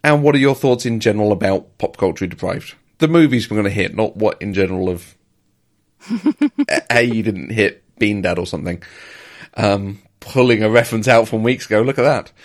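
A man's voice: on the low side, lively intonation, normal speed. A man co-hosting a podcast in casual chat, enthusiastic, often repeating words and laughing. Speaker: podcast co-host.

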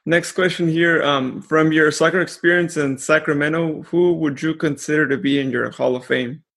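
A man's voice: on the high side, fairly even intonation, normal speed, vocal fry, a bit bright. A male podcast host reading questions off a list to his guest.

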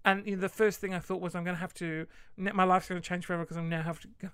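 Animated laughing storyteller woman, low voice. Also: rapid-fire, clear, resonant tone, no room sound, studio quality. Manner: animated, laughing, swearing freely. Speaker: vlogger. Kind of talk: casual storytime.

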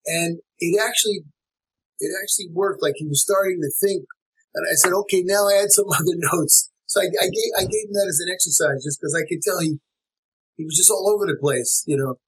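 A man who is a jazz musician and teacher, talking in a relaxed interview in a reflective way, with many fillers and restarts. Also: on the high side, fairly quick, husky, rough recording.

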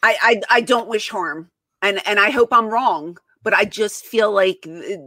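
A woman's voice: mid-range voice, measured pace, a bit bright. A woman hosting a podcast in casual chat, talking emphatically with many restarts and repeated words. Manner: emphatic, repeats herself, exasperated. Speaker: podcast host.

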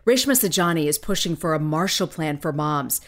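A woman hosting a daily news podcast, reading the morning headlines in a crisp, measured way. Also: low voice, lively intonation.

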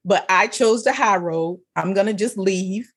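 A woman in casual faith-based conversation, telling stories with lively emphasis and frequent laughter. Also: a little slow, breathy edge. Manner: animated storyteller, laughs often, pitch jumps up for emphasis.

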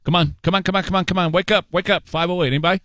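A man's voice: high-pitched, fairly even intonation, racing, a bit bright, dry recording. A man hosting a talk radio show, mocking and repetitive as he hectors his listeners, speaking from a studio mic. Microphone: studio microphone.

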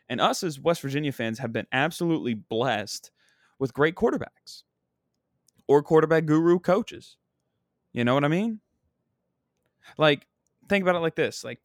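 A man's voice: mid-range voice, no room sound. Exasperated rambling man, dry close sound. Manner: exasperated, rambling, self-deprecating. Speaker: comedian. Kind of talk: casual sports rant.

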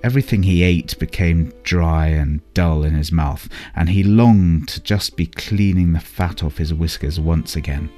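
Deep-voiced man reading a bedtime story. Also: steady tone, measured pace, hardly any pauses, warm tone, soft background music.

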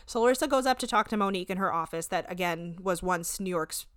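A woman's voice: lowish voice, fast talker, clear, resonant tone, no echo. Chatty woman podcast host, dry sound. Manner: chatty, sprinkles "like" and swearing, animated retelling. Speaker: podcast co-host recapping a reality show. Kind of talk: casual chat.

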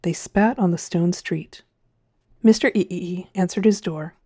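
A woman reading a science fiction story aloud in a measured, expressive way. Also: on the low side, breathy edge, dry recording, studio quality. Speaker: narrator. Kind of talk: audiobook narration.

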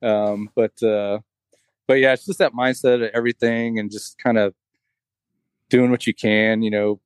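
A man's voice: on the low side, flat delivery, normal speed, clean tone, no room sound. A man telling a long story in casual chat, rambling with lots of "like" and "you know".

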